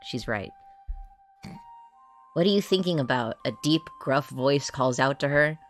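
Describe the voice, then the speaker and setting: A man playing an exasperated male warrior who reads a cheesy romance aloud and keeps protesting loudly. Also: mid-range voice, animated, measured pace, faint music behind. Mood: reading. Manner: grumbling, loud protesting outbursts. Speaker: player character. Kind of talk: in-character dramatized reading in a tabletop game.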